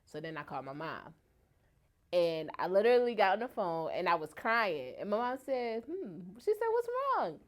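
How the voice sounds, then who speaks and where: A woman guest in an interview, telling a personal story and acting out other people's words in a much higher voice. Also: normal speed. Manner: animated, acts out quoted voices much higher.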